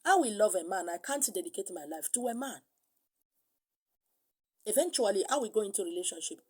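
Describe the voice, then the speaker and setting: A middle-aged woman with a Nigerian accent preaching a sermon, animated, slipping into pidgin and acting out other voices. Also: medium pitch, brisk, slightly rough. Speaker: spiritual teacher.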